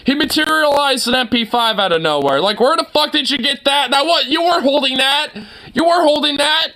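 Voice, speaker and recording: High, bright-voiced man ranting. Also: a little fast. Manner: excitable, swears constantly, breaks into outraged shouts. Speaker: reaction commentator. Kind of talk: profane rambling reaction commentary.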